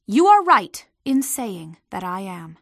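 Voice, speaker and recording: A woman reading a gentle, solemn teacher. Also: mid-range voice, big pitch swings, slow pace, gravelly, dry recording, clean studio sound, exaggerated voice. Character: calm grown man, gentle and solemn teacher.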